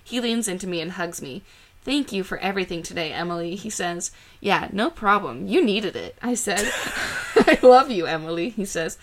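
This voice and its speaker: A woman with a bright, clear voice hosts a podcast and reads fan fiction out loud. She reads it with drama and often breaks into laughter. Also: fairly low pitch, animated, moderate pace. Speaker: podcast co-host.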